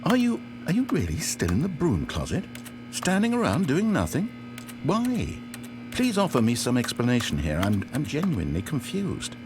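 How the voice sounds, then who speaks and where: A man's voice: medium pitch, wildly swooping pitch, moderate pace, noisy background. An actor playing a wry, theatrical male narrator in a video game, speaking in an articulate way. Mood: baffled exasperation.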